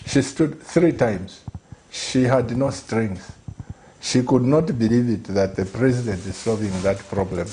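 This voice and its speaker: A middle-aged man, a pastor, telling a story in earnest on a talk show, slow and pleading, repeating phrases for emphasis. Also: on the low side, dark tone, slight background noise.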